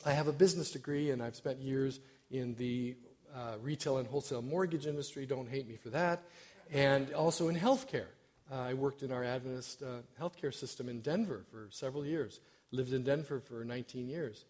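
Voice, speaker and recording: A man's voice: medium pitch, darkish tone. Self-deprecating middle-aged male lay preacher. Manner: self-deprecating, hesitant with many fillers. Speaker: church stewardship director preaching. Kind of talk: informal sermon.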